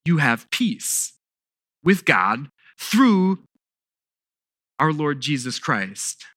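Bright-voiced pastor preaching slowly. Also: male voice, a little high, sing-song, dry recording, studio quality. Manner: emphatic, repeats key words, slow deliberate pauses. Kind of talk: sermon.

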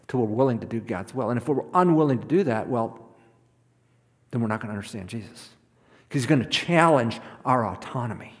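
A man's voice: mid-range voice, expressive, fairly quick. A man preaching a sermon in a conversational way, often repeating words as he goes. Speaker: pastor. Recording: long hall reverb.

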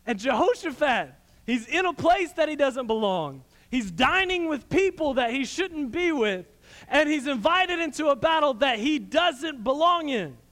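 Folksy preacher guy, high lively voice, long church hall echo. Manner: animated storytelling, folksy. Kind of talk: sermon.

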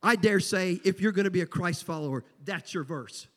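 Southern pastor preaching, folksy and punchy, fairly high voice ringing in a big church hall. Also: male voice, fairly quick. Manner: folksy, emphatic, repeats key phrases. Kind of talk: sermon. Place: church sanctuary. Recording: long church hall reverb.

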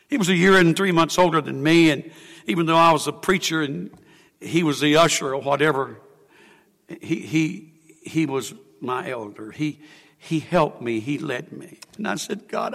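A man preaching a sermon, swinging from hushed, emotional confession to loud exclamation. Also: fairly high pitch, expressive, normal speed, creaky, big-room sound.

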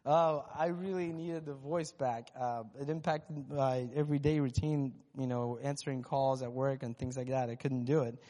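A man's voice: medium pitch, fairly even intonation, normal speed, few pauses, warm tone, long reverb tail. A worship leader, a man, sharing a candid, self-deprecating testimony with his church. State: recovering from lost voice. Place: church sanctuary.

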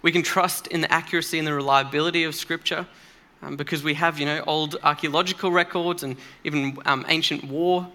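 A man's voice: on the high side, fairly even intonation, fairly quick, few pauses, sharp tone. A man preaching a sermon in a church, earnest and emphatic, speaking conversationally with occasional fillers.

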